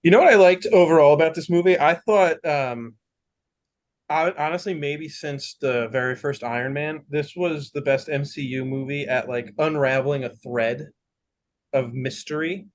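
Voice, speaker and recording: Eager man talking films, fairly high. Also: normal speed. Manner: enthusiastic, swears casually, trails off searching for names. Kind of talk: casual movie chat.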